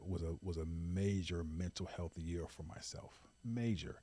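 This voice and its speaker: A man's voice: low-pitched, unhurried, warm tone, breathy edge. A man hosting a talk show, speaking in an earnest, impassioned monologue with repeated emphasis. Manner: impassioned, repetitive emphasis, pleading. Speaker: podcast host.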